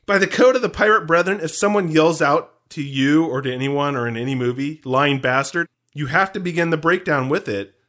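A man co-hosting a casual movie breakdown podcast, animated and playfully swearing. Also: on the high side, a little fast, few pauses. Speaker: podcast co-host.

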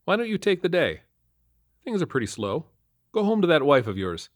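A calm, fatherly police captain , played by a male narrator, speaking a touch higher than the storyteller's usual voice. The reading is close-miked and dry. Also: normal speed, no echo. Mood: concerned. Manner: calm, concerned.

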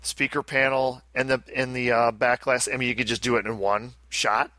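Man, casual podcast host, bright tone, dry close recording, rambling and chatty. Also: medium pitch, flat delivery, normal speed, dry recording. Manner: rambling, self-interrupting, chatty. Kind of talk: casual chat.

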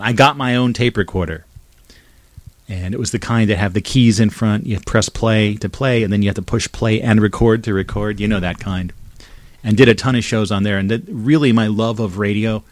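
Solo podcast host, a man in his fifties from New Jersey with a lowish voice, chatty and digressive, close on a condenser mic. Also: brisk, dry recording. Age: 50s. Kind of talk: rambling solo monologue. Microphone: condenser mic through a mixer.

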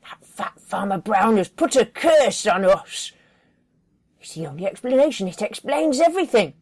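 A woman storyteller voices a pinched, resentful wife from a folktale who snaps and grumbles her lines loudly. She drags her words out slowly, sour and spiteful. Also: low voice. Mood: grumbling. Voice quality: grumbling, loud and snappish. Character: bitter, scowling, miserly old village wife.

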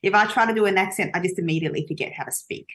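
A woman's voice: medium pitch, racing, a bit bright. Wry Australian woman. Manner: self-deprecating, wry. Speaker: podcast panelist. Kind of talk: casual chat.

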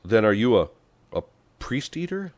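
Man putting on a brash hothead, shouting, blustering, storybook figure, dry close sound. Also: mid-range voice, sing-song, moderate pace, dry recording, voice pushed up. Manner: shouting, forceful. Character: brash hot-tempered man, loud and blustering.

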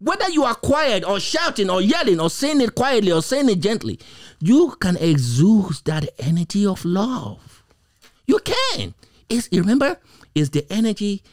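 A man's voice: sits high, sing-song, measured pace. A man preaching a sermon, stretching out key words and firing off rhetorical questions. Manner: emphatic, repetitive rhetorical questions, occasional laughs.

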